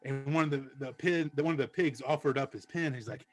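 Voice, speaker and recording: A man telling joke stories at an open mic comedy show, loud and animated, acting out the characters. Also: medium pitch, brisk.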